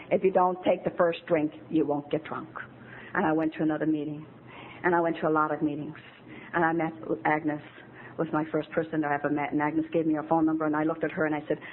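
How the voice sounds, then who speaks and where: A lower-pitched woman in her fifties tells her recovery story with candid emotion at a meeting. The recording is thin and phone-like, with a faint hiss behind her. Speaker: AA speaker. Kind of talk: personal recovery talk at a meeting. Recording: tinny phone-like old tape with faint hiss.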